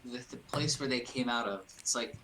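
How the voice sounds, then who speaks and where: A man's voice: mid-range voice, brisk, bright, forceful tone, a little hiss or hum, poor audio. A man playing a tabletop game who asks eager questions with small hesitations. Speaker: player. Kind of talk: casual tabletop play.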